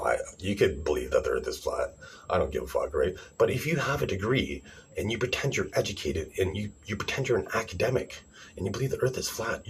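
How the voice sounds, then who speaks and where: A man's voice: fairly low pitch, slight background noise. A man ranting in a rambling, sarcastic, profane monologue to camera, calling people idiots. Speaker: vlogger.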